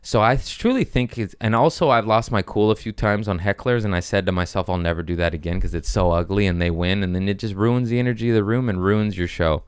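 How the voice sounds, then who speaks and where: A male comedian hosting a podcast, telling crude, animated stories about touring and hecklers in casual monologue. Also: lowish voice, quick pace, hardly any pauses, clean tone, no room sound, studio quality. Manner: animated storytelling with crude language.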